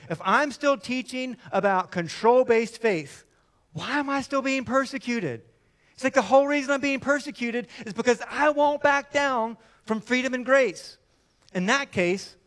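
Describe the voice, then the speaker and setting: A man with a fairly high voice preaches to his church. He talks casually and with energy, and acts out short back-and-forth exchanges to make his point. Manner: animated, conversational preaching with mock dialogue. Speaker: pastor. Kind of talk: sermon.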